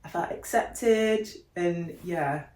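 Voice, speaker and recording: A woman co-hosting a podcast, talking softly and reflectively in casual chat. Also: fairly low pitch, slow, echoey room. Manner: soft-spoken, reflective, lots of "like" fillers. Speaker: podcast co-host.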